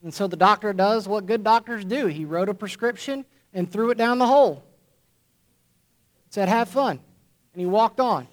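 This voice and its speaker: A man preaching to his congregation in a fairly high voice, leaning on repetition and deliberate emphasis. His sermon delivery is earnest and measured, building points one phrase at a time. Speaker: pastor. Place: church congregation.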